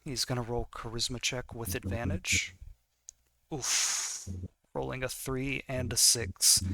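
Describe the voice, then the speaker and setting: A man's voice: medium pitch, flat delivery, slow, gravelly, sharp tone, no room sound. A man narrating a tabletop game as game master, casual and full of fillers. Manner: casual, many fillers while reading rules.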